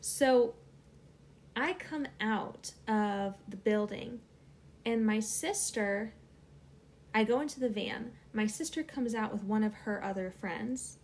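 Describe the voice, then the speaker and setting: A woman's voice: medium pitch, takes it slowly, darkish tone, a little hiss or hum. A young adult woman, a channel host, telling a personal story casually with many fillers.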